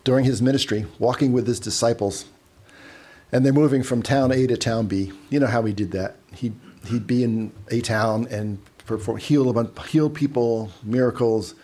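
A man's voice: mid-range voice, fairly even intonation, moderate pace, mellow. A man giving a casual, conversational sermon, telling stories with asides and repeating words as he goes. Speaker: preacher.

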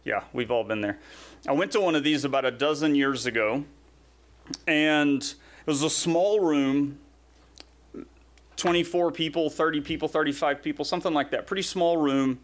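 Storytelling pastor, slightly high voice. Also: male voice. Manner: conversational storytelling, then slow solemn scripture reading. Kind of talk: sermon.

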